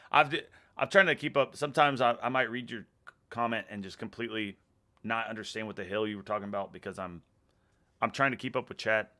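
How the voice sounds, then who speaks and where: Laid-back Texan man with a bright voice. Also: lowish voice. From Texas, USA. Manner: rambling, laid-back, laughs often, trails off mid-sentence. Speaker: live streamer reading chat. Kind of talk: casual live-stream chat.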